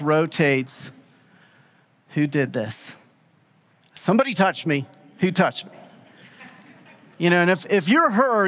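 A man preaching in a relaxed, conversational way, telling stories and acting out quotes. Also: fairly high pitch, long reverb tail. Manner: casual and animated, acting out quotes in plain speech. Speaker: pastor. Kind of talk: conversational sermon with storytelling.

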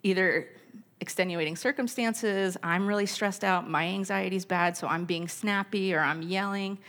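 A woman's voice: mid-range voice, steady tone, moderate pace, a bit bright. A middle-aged woman giving a candid church talk on parenting, mixing personal stories with scripture quotes. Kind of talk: sermon-style teaching talk.

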